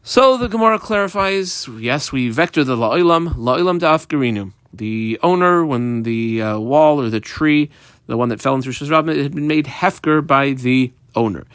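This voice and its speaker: A man's voice: normal speed, no echo. A man teaching a Talmud lesson, reading Aramaic phrases and explaining them in English with frequent fillers. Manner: animated, lively pitch swings.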